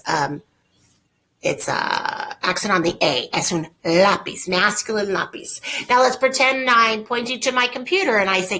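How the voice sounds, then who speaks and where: A woman's voice: mid-range voice, a bit bright, a little hiss or hum. Upbeat woman teaching Spanish. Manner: upbeat, folksy teacher talk, slow drilled example phrases. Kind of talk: recorded online lesson.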